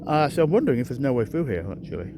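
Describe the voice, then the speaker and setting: A man's voice: mid-range voice, very animated, very fast, background noise. A man rambling through a walking vlog outdoors in a hilly park, correcting himself often and out of breath from the climb. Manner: rambling, self-correcting, chatty. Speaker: vlogger.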